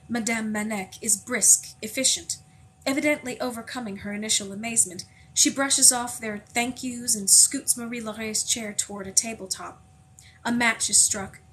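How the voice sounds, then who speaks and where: Woman reading a novel aloud, measured. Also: a little high, a bit bright, a little hiss or hum, poor audio. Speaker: audiobook reader.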